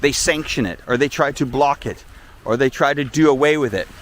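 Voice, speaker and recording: A man hosting a live-stream tour, chatting in an animated, storytelling way from outdoors at a beach resort. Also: medium pitch, brisk, slight background noise. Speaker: vlogger host.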